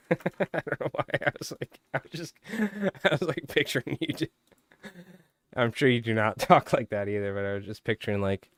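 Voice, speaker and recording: Medium-pitched and a bit bright, the man's voice moves at a normal speed. He hosts an easygoing fly-tying livestream, wandering from topic to topic and calling out chat members by name. Strain and fatigue show in his voice, along with throat-clearing.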